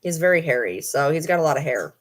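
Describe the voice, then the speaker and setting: A woman's voice: sits low, big pitch swings, fast. A woman vlogger at home, chatting casually and teasing her dogs with baby talk.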